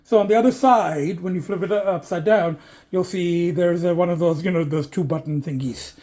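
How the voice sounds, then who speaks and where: A man's voice: high voice, moderate pace, warm tone, no room sound. A man in a casual vlog telling a rambling story with swearing, talking into a handheld camera near his car on rural roads. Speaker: vlogger.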